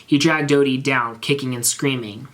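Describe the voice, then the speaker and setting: A man reading bad fan fiction aloud in a measured, straight-faced narration. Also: mid-range voice, fairly even intonation, a bit bright.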